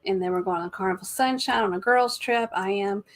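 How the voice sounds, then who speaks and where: A woman hosting a casual travel live stream, upbeat as she runs through plans and shout-outs. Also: medium pitch, a little fast.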